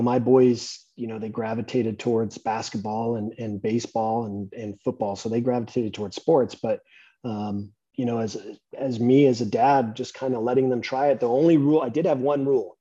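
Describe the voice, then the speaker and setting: Mellow, husky-voiced male podcast host. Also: medium pitch. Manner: relaxed storytelling, acts out dialogue. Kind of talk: conversational interview. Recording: dull lo-fi sound.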